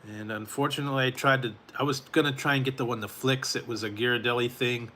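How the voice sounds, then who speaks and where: A man with a bright, forceful voice chats loosely on a late-night stream, drifting between thoughts and chuckling often. He answers viewers in the chat as he goes, over a faint hum of room ambience. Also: medium pitch, steady tone, quick pace. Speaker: food reviewer hosting a live stream.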